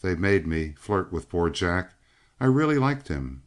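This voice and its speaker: Man voicing a sly young woman in a western audiobook, lifted voice, lively. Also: low voice, a little slow. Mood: wistful.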